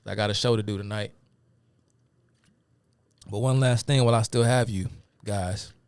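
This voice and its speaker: Low gravelly guy rambling through a live stream lecture, lots of ums, dry sound. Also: steady tone, moderate pace, darkish tone, dry recording. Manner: rambling, many fillers, addresses viewers as y'all. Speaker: host of a live talk stream.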